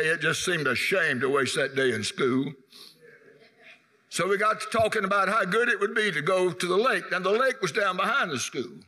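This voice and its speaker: A man's voice: a little high, pushed and bright. An older man, telling humorous stories in a church tribute, punctuated with amens. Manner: folksy anecdotes with amens. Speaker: guest speaker at a church anniversary. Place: church sanctuary. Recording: echoey church hall.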